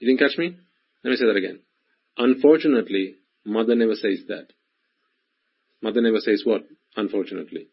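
A man preaches a sermon in a husky voice, hammering his points home through repetition and direct questions to the listeners. The recording is dull and lo-fi. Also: lowish voice, fairly quick, long pauses.

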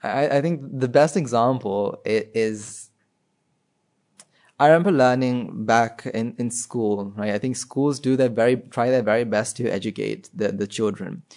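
A man's voice: medium pitch, unhurried, a little mellow. Man giving a talk full of rhetorical questions. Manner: rhetorical questions, many restarts. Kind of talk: informal spoken talk to an audience.

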